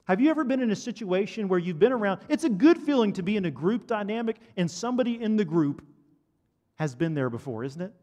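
A man preaching a sermon to a congregation, animated and asking the listeners questions. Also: high-pitched, fast talker. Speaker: pastor. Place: church hall. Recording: long hall reverb.

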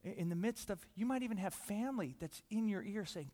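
A man preaching a sermon in a church hall, conversational and animated, dropping to a soft hush and rising loud again. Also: high-pitched, a little fast. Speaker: pastor. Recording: long reverb of a large hall.

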